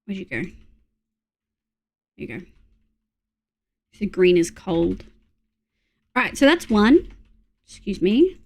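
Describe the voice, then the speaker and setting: Her medium-pitched voice swings widely in pitch, and she speaks slowly with frequent pauses. The young Australian woman is live-streaming a game, chatting with viewers, muttering, and swearing when annoyed.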